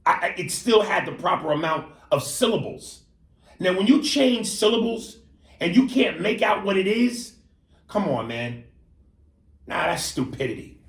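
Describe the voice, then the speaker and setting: Animated, profane man in an echoey room. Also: high voice, unhurried. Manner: animated, profane, mimics accents and slang. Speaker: podcast co-host. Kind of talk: casual podcast banter.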